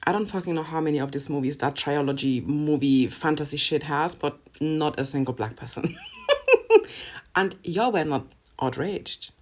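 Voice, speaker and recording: A woman's voice: low-pitched, moderate pace. A woman vlogger ranting casually to camera, sarcastic and profane, with bursts of laughter between points.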